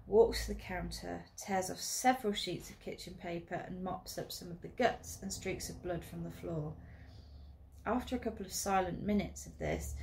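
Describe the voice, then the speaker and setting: A woman's voice: lowish voice, vocal fry. Woman teacher reading a story aloud. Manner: expressive, raises her voice for dramatic moments.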